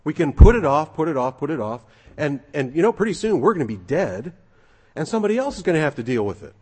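Husky, animated preacher in an echoing hall. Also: male voice, on the high side, fast. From United States. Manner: animated, emphatic, conversational preaching. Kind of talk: sermon. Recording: long reverb of a large hall.

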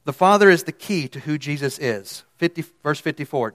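A man's voice: on the high side, lively intonation, fairly quick, hardly any pauses, a bit bright. A man teaching through a Bible passage in sermon style, earnest and emphatic, stressing key words and sometimes correcting himself.

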